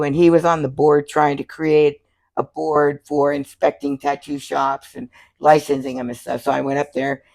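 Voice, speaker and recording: An older woman from Florida, a tattoo artist telling lively stories in an interview, laughing often and acting out the people she quotes. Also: deep voice, gravelly. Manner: animated, laughs often, acts out quoted voices. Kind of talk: casual storytelling interview.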